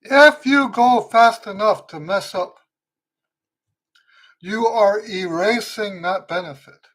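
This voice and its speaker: A man teaching trumpet on a live-stream Q&A, tired and weak with a fading voice, speaking slowly and repeating his key points for emphasis. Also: sits high, fairly bright tone.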